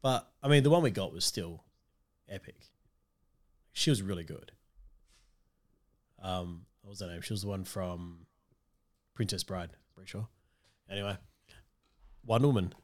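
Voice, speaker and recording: A man's voice: on the low side, normal speed, long pauses. A man hosting a casual movie-news chat, rambling and trailing off with ums. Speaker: podcast host.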